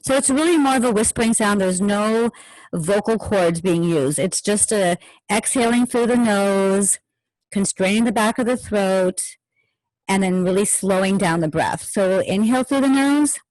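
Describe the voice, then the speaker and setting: A woman teaching yoga and meditation, calmly guiding a breathing exercise step by step and counting the breaths aloud. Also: medium pitch, moderate pace. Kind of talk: guided breathing instruction.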